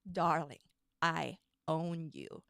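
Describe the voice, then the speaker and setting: A woman voicing a cold, possessive young female villain from a teen drama in a voice acting take, calm and condescending. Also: low voice, slow, creaky, dry recording, studio quality, full character voice.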